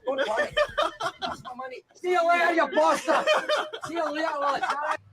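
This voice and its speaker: A shrill, crazy Scotsman. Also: big pitch swings, brisk, creaky, heavy background noise, heavily acted. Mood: threatening. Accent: put-on Scottish. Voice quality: shrill, threatening, swearing. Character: crazy foul-mouthed Scotsman chasing his money.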